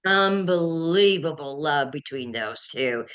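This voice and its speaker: Older woman telling animated stories. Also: low voice, slow pace, clear, resonant tone. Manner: animated, emotional storyteller who gets carried away. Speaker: guest. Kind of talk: anecdotal storytelling in a chat.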